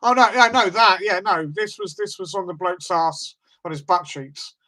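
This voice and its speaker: A man co-hosting a podcast, telling stories in a lively way and laughing along with them in casual chat. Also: sits high, moderate pace, poor audio. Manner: animated storyteller, laughs at his own stories. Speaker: podcast co-host.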